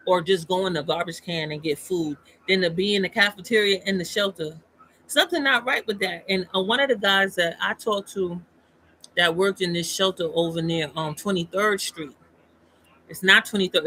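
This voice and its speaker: High, bright-voiced New man. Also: moderate pace, slight background noise, rough recording. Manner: emphatic, rambling, with frequent restarts. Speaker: streamer. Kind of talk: casual livestream talk.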